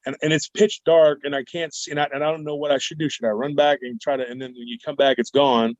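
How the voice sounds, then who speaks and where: Animated male storyteller, dull audio. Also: a little high, quick pace, no echo. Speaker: guest cryptid researcher. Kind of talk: storytelling interview. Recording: dull dry remote recording.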